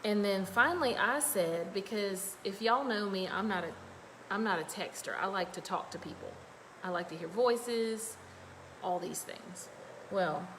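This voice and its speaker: A woman's voice: mid-range voice, a little slow, fairly bright tone, slight background noise, rough recording. A woman with a Louisiana accent, chatting in a rambling, folksy way as she tells a story while doing her makeup. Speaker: makeup vlogger. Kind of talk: casual storytelling livestream.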